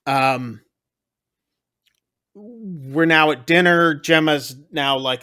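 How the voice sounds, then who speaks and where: Co-hosting a podcast, a man recaps a movie plot in a rambling, casual chat, packed with fillers as he acts out the characters' lines. His voice is fairly high, pushed and bright, and he goes slowly with long pauses.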